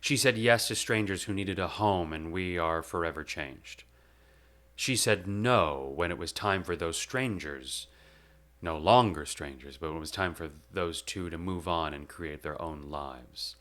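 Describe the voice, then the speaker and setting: Deep-voiced man giving a reflective eulogy. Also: pushed and bright. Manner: measured and reflective, with slow emphatic pauses. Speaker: podcast host. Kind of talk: delivering a spoken eulogy.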